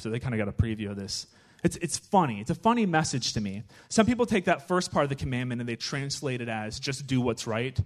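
A man giving a casual, conversational sermon in a church, chatty and animated, often checking in with his listeners. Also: medium pitch. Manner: chatty, animated, with frequent "right?" asides. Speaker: guest preacher.

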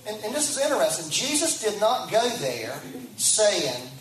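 A man's voice: high-pitched, very animated, normal speed, slight background noise. Man preacher, conversational sermon, repeats himself, fervent calls, echoey church, distant mic. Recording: echoey room, from a distance, faint ambience.

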